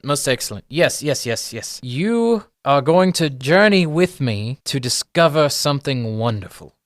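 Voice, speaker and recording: A man's voice: medium pitch, big pitch swings, a little slow, dry recording, studio quality. A man voicing an eccentric, flustered gnome professor who talks grandly about his research. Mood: delighted.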